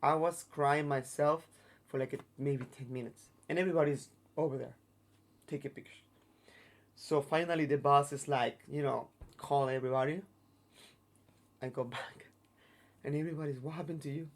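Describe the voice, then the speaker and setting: Man telling a story in halting English. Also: on the high side, fairly even intonation. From Mexico. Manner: halting, broken English with many restarts and fillers. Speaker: guest, circus artist. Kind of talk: casual storytelling interview.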